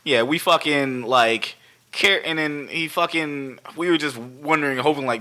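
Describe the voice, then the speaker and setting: Animated, bright-voiced man swearing freely. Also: fairly high pitch, a little slow. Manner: animated, heavy swearing, acts out scenes. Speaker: podcast co-host. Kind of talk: casual chat.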